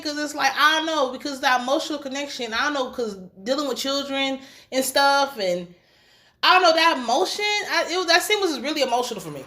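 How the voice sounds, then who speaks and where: A woman recapping a TV episode in a casual, slangy, chatty way, getting animated and emotional as she retells scenes. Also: high voice. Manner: casual slangy speech with swearing. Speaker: TV recap reviewer.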